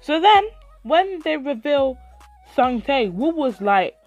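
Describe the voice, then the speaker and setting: A woman's voice: high-pitched, sing-song, slow pace, a little mellow, dull audio, soft background music. A young woman telling a story to her vlog audience, dramatic and swearing, acting out her own reactions. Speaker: YouTube vlogger. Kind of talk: animated storytime retelling.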